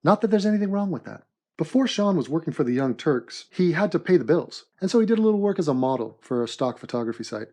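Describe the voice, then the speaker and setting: A man hosting an animated comedy commentary in a mock-serious, deadpan sarcastic manner. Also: on the high side, fast. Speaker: host and narrator of an animated commentary.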